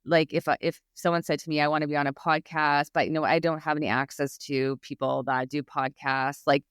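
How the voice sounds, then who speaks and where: A woman's voice: deep voice, clear, resonant tone, no room sound, clean studio sound. Earnest, encouraging woman guest. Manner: earnest, encouraging, with frequent restarts. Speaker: guest expert on public speaking anxiety. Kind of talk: podcast interview.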